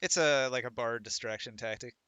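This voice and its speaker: A man's voice: mid-range voice, brisk, bright, forceful tone, smooth, no room sound. A man running a tabletop game as dungeon master, explaining rules and the game world in an easygoing way. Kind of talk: casual tabletop game chat.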